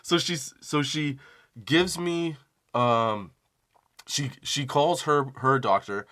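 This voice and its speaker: Taking his time, a fairly high-voiced young man hosts a comedy podcast and relates a rambling, swear-heavy story from his own life. He frequently laughs at himself and dramatizes phone calls as he quotes them.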